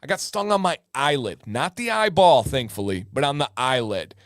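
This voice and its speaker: A man in his thirties hosting a casual livestream, chatting with viewers and telling stories with lively sound effects. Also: mid-range voice, moderate pace, dry recording, clean studio sound. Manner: animated storyteller with sound effects. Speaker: livestream host.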